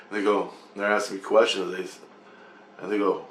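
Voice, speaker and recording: Talking quickly in a lowish voice, this man describes a bizarre dream he had, looping back over details and cursing liberally in his excitement. There's a roomy echo and some faint background noise.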